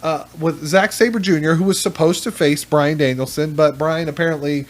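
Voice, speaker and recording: A man's voice: fairly high pitch, normal speed. A man hosting a casual podcast, recapping matches in a rambling way with lots of fillers. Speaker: podcast host.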